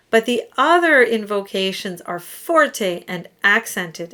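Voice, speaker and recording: A woman teaching singers diction, explaining patiently and slowing down to demonstrate words. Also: medium pitch, fairly bright tone. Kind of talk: instructional explanation.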